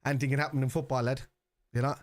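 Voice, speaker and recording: A man's voice: mid-range voice, flat delivery, rapid-fire, dry recording. Chatty Scouse man hosting a live stream. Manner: chatty, reads chat aloud and answers it. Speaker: streamer hosting a football watchalong. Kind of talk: live stream chat with viewers.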